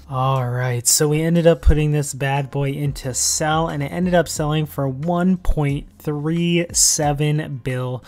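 A man hosting a gaming vlog in a loose, chatty way, full of fillers, speaking into a desk microphone. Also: fairly high pitch. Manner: chatty, loose, heavy on "like" and "you know". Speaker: gaming channel host. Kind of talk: casual game commentary vlog.

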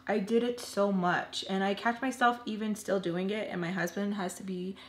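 A woman's voice: mid-range voice, fairly even intonation, normal speed, reverberant. A young woman telling an emotional personal story in a casual, earnest way, filling her talk with lots of "like"s. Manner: chatty, filler-heavy with many "like"s.

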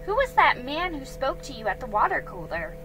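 A woman's voice: high voice, very animated, brisk, noisy background, voice pushed up. A woman voicing a sweet, eager young woman, curious and chatty, read over background music.

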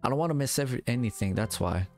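A man's voice: mid-range voice, expressive, rapid-fire, a little mellow, faint music behind. A sleepy, yawning man streaming a game, rambling to himself in casual gameplay commentary. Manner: rambling, talks to himself while playing. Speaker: gaming streamer.

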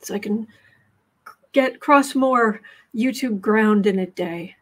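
A woman's voice: mid-range voice, slow, a bit bright. A woman hosting a daily tarot livestream in a casual, rambling chat, with asides to her viewers. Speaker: livestream tarot reader and host.

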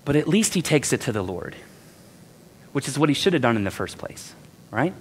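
A man's voice: medium pitch, very animated, moderate pace, a little hiss or hum. A man preaching a sermon as a pastor, conversational and self-deprecating, acting out the voices of the people in the text.

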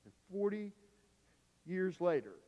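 A middle-aged male pastor preaching a sermon through a vivid personal story, swinging from loud, urgent lines to hushed ones. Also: sits high, very animated, slow pace. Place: church sanctuary. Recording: dull, echoey church recording.

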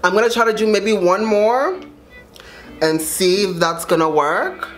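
Brash, lively young woman prank caller. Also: mid-range voice, measured pace, soft background music. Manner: brash, excitable, swears freely. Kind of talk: prank phone call and talking to viewers.

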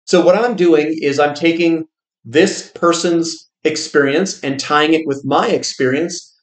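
Casting: male finance host, quick and rambling, slightly high voice, roomy echo. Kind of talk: casual market commentary.

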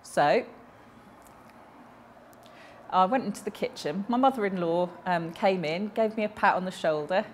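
A woman's voice: on the low side, measured pace, pauses often, slight background noise. A woman, voicing a deaf speaker's personal stories aloud in a chatty, anecdotal way, with small self-corrections along the way.

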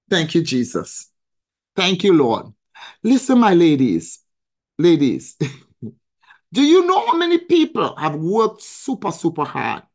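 Slow, emphatic woman coach preaching. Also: fairly low pitch, huge pitch swings, a little mellow. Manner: emphatic and preacherly, repeating phrases and calling out to viewers; reads viewer comments and answers the chat. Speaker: financial coach hosting a weekly live. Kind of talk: motivational live-stream talk.

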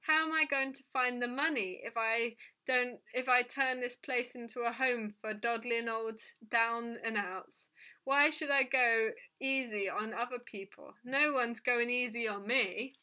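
A cross, short-tempered innkeeper snaps back in a raised, forceful voice, put on by a woman reading a storybook. He defends himself at every turn in a loud, high voice. The delivery is sharp and bright. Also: unhurried. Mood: grumpy, defensive. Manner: snappish and defensive. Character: grumpy, irritable middle-aged male innkeeper.

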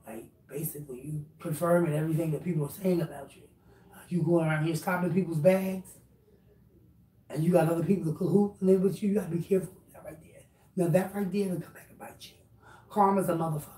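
Woman vlogger, profane and preachy call-out delivery, low mellow timbre, echoey room with faint hiss. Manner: blunt, profane, lecturing. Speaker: YouTuber. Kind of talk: direct-address rant vlog. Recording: roomy echo, distant mic, faint noise.

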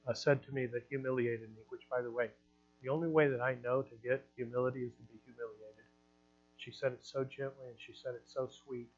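Man preaching in a casual, lively way. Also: mid-range voice, narrow, tinny audio. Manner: conversational preaching with quoted asides and laughs. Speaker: pastor. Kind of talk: sermon. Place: church hall.

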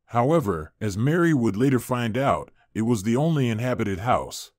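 A man narrating a fairy-tale story in a measured, expressive way. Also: mid-range voice, dry recording, studio quality.

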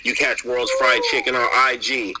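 A man's voice: mid-range voice, fairly even intonation, moderate pace, background noise. A man from San Jose co-hosting a podcast, talking in laid-back slang and reading sponsor plugs casually. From east side San Jose, US. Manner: laid-back slang, "you know what I'm saying". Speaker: podcast co-host.

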